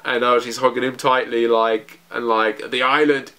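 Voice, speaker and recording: A young man giving an excited, rambling recap of manga chapters, full of fillers and restarts. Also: mid-range voice, normal speed, clear, resonant tone. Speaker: manga reviewer.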